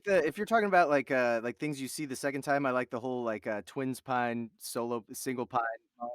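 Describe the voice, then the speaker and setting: A man's voice: mid-range voice, fairly quick, smooth, dry recording. A man appearing as a guest on a casual movie podcast, dropping dry, wry one-liners.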